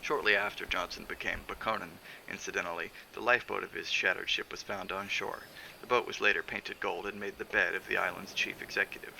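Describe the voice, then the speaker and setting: Creaky bright-voiced man reading aloud. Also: deep voice, slight background noise, low-quality recording. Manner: measured, steady reading with occasional fillers. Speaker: streamer reading a novel aloud. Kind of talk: audiobook narration.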